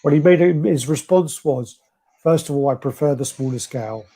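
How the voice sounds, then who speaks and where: Guy hosting a chill collectibles stream, bit husky, curses a lot. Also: medium pitch, moderate pace, mellow. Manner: laid-back, swears and laughs, reads out chat comments. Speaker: host. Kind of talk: casual live-stream chat.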